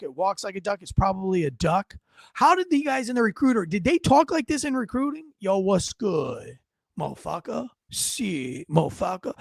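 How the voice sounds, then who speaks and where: A man's voice: sits high, no echo, clean studio sound. A middle-aged man, a former police officer, giving blunt, profane and indignant video commentary.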